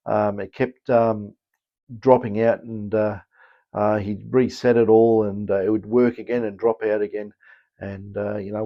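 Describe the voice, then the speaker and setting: A man's voice: on the low side, highs cut off. Rambling Australian man talking electronics. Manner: rambling, with many fillers and restarts. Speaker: electronics technician and channel host. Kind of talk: casual technical explainer.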